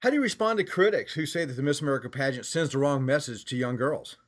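Man interviewer with measured questions. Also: a little high. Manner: brief affirmations, measured questions.

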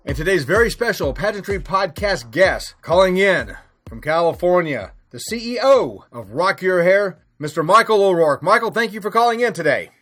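A man's voice: high-pitched, very animated, normal speed, fairly bright tone. A man with a Southern US accent hosting a podcast interview, folksy, laughing easily and stumbling over his words now and then. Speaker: podcast host.

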